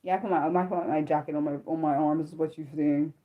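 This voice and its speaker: Young woman, livestream host, slightly low voice, rambling and earnest, stumbles and restarts often. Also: fairly even intonation, brisk, phone-quality sound. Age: young adult. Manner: reacts to viewer comments as she reads them. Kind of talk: unscripted livestream chat.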